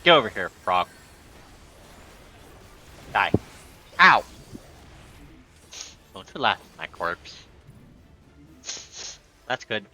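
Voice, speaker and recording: A man's voice: on the low side, very animated, drawn-out words, pauses often, sharp tone, slight background noise. A man streaming a game live, playfully taunting enemies and chatting to viewers. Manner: playful, talks to enemies and chat.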